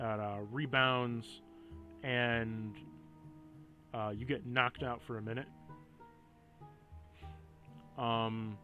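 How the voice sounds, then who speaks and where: Man, game master, explains rules, pauses with fillers, mid-pitched voice. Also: fairly bright tone. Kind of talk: narrating a tabletop game.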